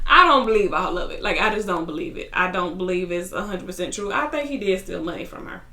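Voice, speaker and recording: A woman with a bright, sharp voice chatting through a reality show recap. She retells scenes in quick paraphrased quotes. Her voice rings in an echoey room. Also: on the low side, lively intonation. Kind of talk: casual episode recap.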